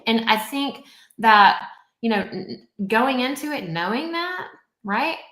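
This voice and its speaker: Woman podcast guest, animated and chatty, recorded in a roomy space. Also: fairly high pitch, measured pace. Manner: animated, acts out quoted people, peppers talk with "like" and "right?". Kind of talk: casual conversation.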